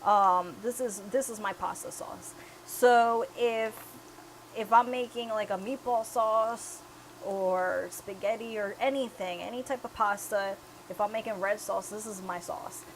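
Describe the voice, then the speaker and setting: A woman's voice: mid-range voice, a little slow, slight background noise, poor audio. A young woman cooking in her home kitchen, chatting casually and explaining each step as she goes. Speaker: home cook.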